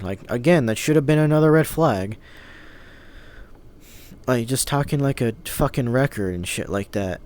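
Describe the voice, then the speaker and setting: A man recounts his story in a loose, rambling vlog, his voice sitting at an ordinary middle pitch. He sounds fed up, peppering his talk with swearing and restarting his sentences as he goes. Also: unhurried, darkish tone, clear, resonant tone. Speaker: vlogger.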